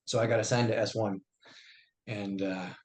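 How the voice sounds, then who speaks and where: A middle-aged man, an army veteran guest, telling stories and acting out the dialogue in lively bursts. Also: fairly low pitch, normal speed. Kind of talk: conversational storytelling.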